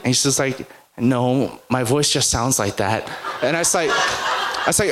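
A pastor preaches to his congregation at a moderate pace, his voice sitting in the mid-range. He tells personal stories in a chatty, conversational way, often dropping in "like" and "right?".

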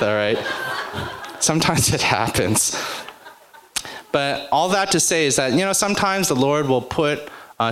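This male pastor has a mid-range, fairly bright voice. Speaking to a congregation, he weaves personal anecdotes into his sermon with a relaxed, storytelling feel and keeps saying "like" and "right?".

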